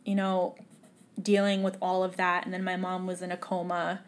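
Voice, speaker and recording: A woman's voice: lowish voice, monotone. Tearful young woman telling a painful story. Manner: tearful, halting, drops to a whisper at times. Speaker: podcast guest. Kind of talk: emotional personal storytelling.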